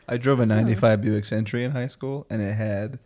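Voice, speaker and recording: A man's voice: on the low side, steady tone, fast, mellow. A man co-hosting a podcast in casual, crude, joking chat. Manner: joking, crude, jumps into silly voices. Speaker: podcast co-host.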